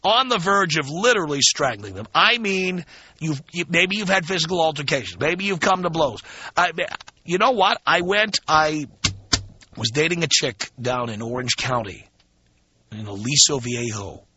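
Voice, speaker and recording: Male radio host, blunt, emphatic, storytelling, tense bright voice, slightly high, dull lo-fi broadcast. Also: animated, normal speed, slight background noise. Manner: blunt, emphatic, conversational with fillers. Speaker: radio talk show host. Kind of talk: frank storytelling monologue.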